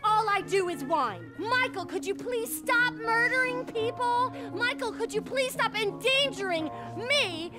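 Scornful bitter wife. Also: female voice, very high voice, expressive, measured pace, few pauses, loud music behind the voice. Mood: furious. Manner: contemptuous, biting. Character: bitter middle-aged wife, scornful and cutting.

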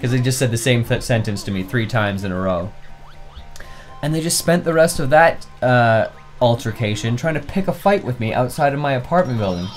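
Speaking fairly quickly at a medium pitch, with faint music in the background, a young let's play co-host swears liberally. He animatedly recounts a long anecdote while the casual playthrough goes on.

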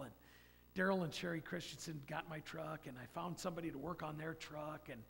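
A man's voice: on the high side, brisk, gravelly, a bit bright, slightly rough. A man in his fifties giving a folksy, rambling personal testimony in church. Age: 50s. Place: church sanctuary. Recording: long church hall reverb.

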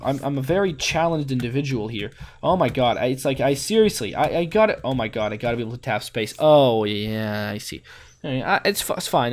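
Male gaming host, let's play commentary, chatty and jokey, talks through every move, average pitch, faint noise behind. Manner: goofy rhymes and wordplay.

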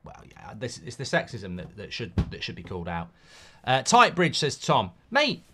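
Male streamer, middle-aged, chatty and opinionated, lively pitch that jumps around. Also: normal speed. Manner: rambling and opinionated, many restarts. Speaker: football watchalong host. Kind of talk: casual live-stream chat reading viewer comments.

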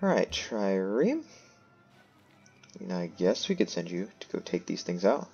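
A man talks through his strategy game in a chatty, think-aloud way, with dry self-mocking asides. His voice sits on the lower side. The recording sounds dull and lo-fi, with soft game music underneath. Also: very animated, unhurried, vocal fry, slightly rough. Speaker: let's play host. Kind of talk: casual gameplay commentary.

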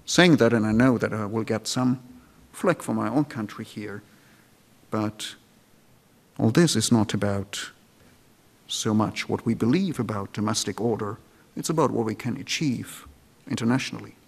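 A man delivering a formal public lecture, measured and deliberate, sometimes restarting a phrase. He speaks in a lecture hall. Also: on the low side, gravelly.

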